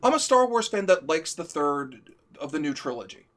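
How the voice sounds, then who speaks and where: A man's voice: on the high side, very animated, moderate pace, a bit bright. A man hosting a live stream, venting in a heated, profane, emphatic rant. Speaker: show host. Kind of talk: ranting live-stream chat.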